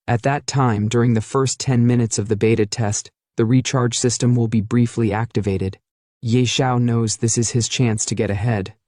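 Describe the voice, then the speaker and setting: A man's voice: medium pitch, mellow, no echo, clean studio sound. A man narrating a comic recap as dramatic storytelling.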